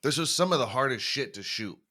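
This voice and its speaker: A man's voice: mid-range voice, lively intonation, fairly quick, sharp tone. A young man hosting a podcast, rambling and swearing freely, often laughing at himself. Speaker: podcast host. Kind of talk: casual chat.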